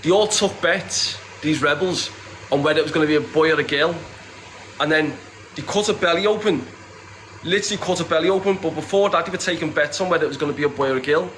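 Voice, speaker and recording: A northern English man speaking in a blunt, impassioned interview, his voice sitting a little high for a man. He swears freely, keeps calling the listener "lad", and hammers the same points home again and again. A faint hiss of room noise sits under his voice. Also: fast, fairly bright tone, low-quality recording. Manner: emphatic, repeats himself. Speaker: interviewee, charity campaigner. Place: secure compound, indoors.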